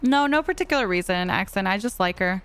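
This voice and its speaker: A woman with a smooth, medium-pitched voice and lively intonation talks fast while streaming a game live. Between plays she chats casually, reading her chat aloud and answering viewers.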